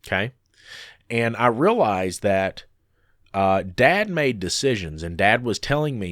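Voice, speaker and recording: A man's voice: lowish voice, unhurried, no echo, studio quality. A man co-hosting a podcast, animatedly telling stories and acting out the people he quotes. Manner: animated storyteller who acts out quoted people. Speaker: podcast co-host. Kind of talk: casual podcast chat.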